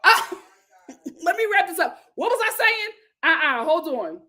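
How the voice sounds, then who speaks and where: A very high-pitched woman talks at a normal speed while hosting a relaxed reality TV recap. She's exclamatory and lively, piling on incredulous reactions.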